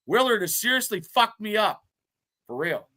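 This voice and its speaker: Brief: fifties male podcast co-host, high, bright voice, swears constantly, rambles through animated stories. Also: normal speed. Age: 50s. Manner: profane, rambling, animated storytelling. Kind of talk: casual chat.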